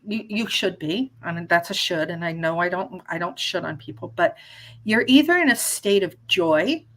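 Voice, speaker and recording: A woman in her fifties, a life coach appearing as a guest, chats casually and playfully in an interview, frequently restarting sentences and acting out little scenes. Her voice sits on the low side and is animated and a bit bright, at a normal speed.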